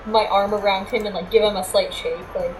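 A woman's voice: mid-range voice, fairly even intonation, brisk, slight background noise, low-quality recording. A woman playing a tabletop game who plays her character with a playful manner. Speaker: player. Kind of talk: tabletop role-play.

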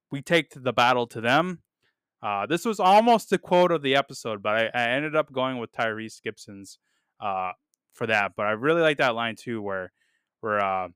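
A man's voice: medium pitch, bright, forceful tone, smooth, no room sound, clean studio sound. A man hosting a casual movie review podcast, chatting loosely with many fillers and restarts. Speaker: podcast host.

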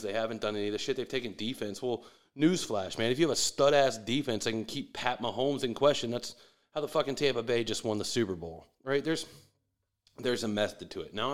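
A man delivering a profane, sarcastic sports rant with mocking asides. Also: on the low side.

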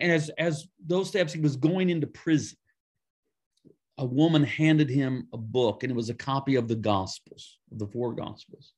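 Pastor guy telling a story in an interview, gravelly husky voice, mid pitch, punchy asides. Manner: lively anecdotal storytelling with emphatic asides. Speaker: pastor and author guest.

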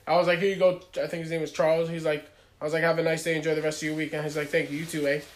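Casual slangy man, fairly high voice, telling a story on a podcast. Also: completely flat delivery, rapid-fire. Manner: casual, slangy, retelling with "I was like".

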